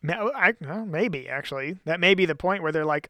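A man's voice: fairly high pitch, expressive, moderate pace, fairly bright tone, no room sound. A man co-hosting a casual Bible study, explaining passages thoughtfully at length.

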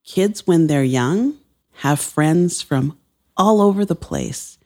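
A woman's voice: on the low side, expressive, slow pace, dark tone. A woman who is a pastor, speaking earnestly as a podcast guest with a preaching cadence. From Canada. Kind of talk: podcast conversation.

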